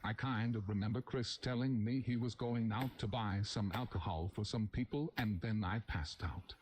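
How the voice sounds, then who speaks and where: A young man reading a scary first-person story aloud as a narrator, with a steady, even storytelling delivery. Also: on the low side, moderate pace, slight background noise. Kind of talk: scripted horror story narration.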